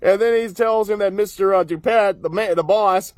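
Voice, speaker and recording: A man with a high, light voice recaps a cartoon episode in a relaxed, rambling way, laughing quietly between points. His voice sounds dry and close, with no room echo around it. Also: normal speed. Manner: chuckles often while recapping, upbeat and rambling; frequent filler "uh" and restarts.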